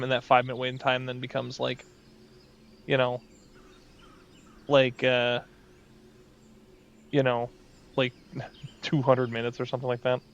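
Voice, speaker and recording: A man's voice: medium pitch, clear, resonant tone, highs cut off. A man giving casual, rambling commentary while playing an online game, full of fillers and asides. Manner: rambling, chatty, many fillers. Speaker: gaming video host.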